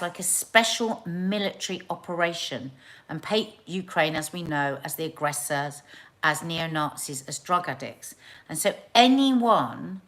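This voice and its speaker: A woman's voice: lowish voice, a bit bright. An English woman hosting a casual live show, talking earnestly and with emotion, often restarting her sentences.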